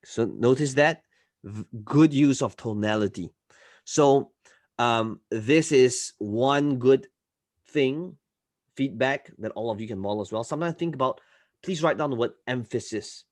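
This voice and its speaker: A man coaching a live online class, often checking in with listeners and swinging between loud and soft delivery. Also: medium pitch, unhurried, no echo, studio quality. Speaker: marketing coach.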